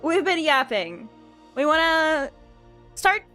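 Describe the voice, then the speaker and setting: A woman's voice: high-pitched, big pitch swings, slow pace, sharp tone, faint music behind. A woman hosting a live stream in casual chat, joking and laughing often. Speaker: streamer host.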